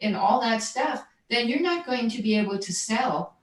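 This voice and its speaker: A woman's voice: on the high side, expressive, normal speed. A woman who is a voice coach and jazz singer, explaining her methods in a conversational interview, often checking in with "right?" and repeating words as she searches for them. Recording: roomy echo, distant from mic.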